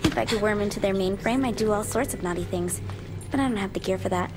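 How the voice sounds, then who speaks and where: A woman's voice: mid-range voice, quick pace, music in the background, close to an everyday voice. An actress playing a dry, sardonic young hacker woman in a video game. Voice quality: dry, sarcastic.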